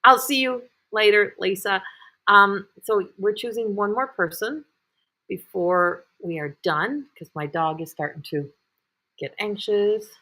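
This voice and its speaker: A woman's voice: medium pitch, a little slow, pushed and bright. A woman hosting live intuitive readings, talking in a rambling, repetitive way with many fillers and restarts. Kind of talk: live-streamed psychic reading.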